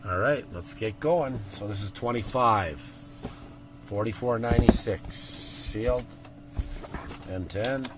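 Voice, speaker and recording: A man hosting a live card break, chatty and getting excited as he reveals pulls. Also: fairly low pitch, slow, long pauses, background noise.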